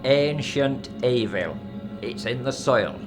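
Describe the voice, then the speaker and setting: A man's voice: medium pitch, expressive, slow pace. An actor playing a blunt older local man, warning of a woodland monster in a folk horror audio drama. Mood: ominous. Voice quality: blunt, grumbling, dialect-heavy. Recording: music bed behind.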